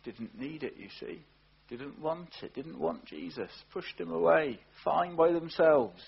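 Slow, husky male preacher. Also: on the high side, animated, lo-fi sound. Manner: earnest, emphatic, with rhetorical questions. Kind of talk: sermon.

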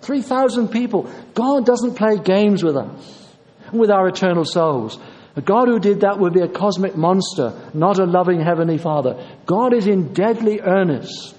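A man, preaching in a high voice with a mellow, warm tone. His delivery is earnest and insistent, and he hammers his points home by repeating them. A long reverb hangs on every word, as in a large church hall. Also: expressive, moderate pace. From Yorkshire, England. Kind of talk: sermon.

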